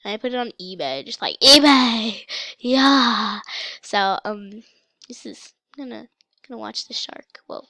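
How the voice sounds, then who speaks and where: A young woman casually commenting on her gameplay for her channel, chatty and excitable, with a slight cough. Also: medium pitch, moderate pace, vocal fry, no room sound. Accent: mock British, put on. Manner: chatty, excitable, breaks into gasps and shouts. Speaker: gaming channel host.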